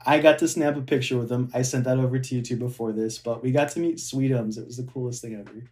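A man's voice: mid-range voice, steady tone, quick pace, a little mellow. A man, a former theme park cast member, telling stories in casual chat with enthusiasm and frequent laughter. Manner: enthusiastic storyteller, laughs often.

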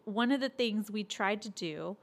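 A woman's voice: mid-range voice, expressive, moderate pace. A woman co-hosting a travel show, chatting casually and explaining places in an easygoing way. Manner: chatty, laughs easily, explains facts.

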